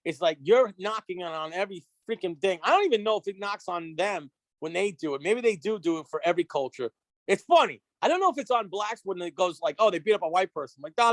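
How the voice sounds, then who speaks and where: A man telling a story on a casual podcast, animated and profane, acting out the dialogue. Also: high-pitched, fairly quick, no echo. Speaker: guest.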